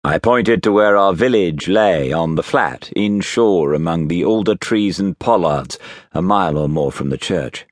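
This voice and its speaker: A man narrates a classic novel in an expressive, measured storytelling voice. His pitch sits very low yet moves with lively rises and falls. The sound is close and dry, with no room around it. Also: no room sound. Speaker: audiobook narrator.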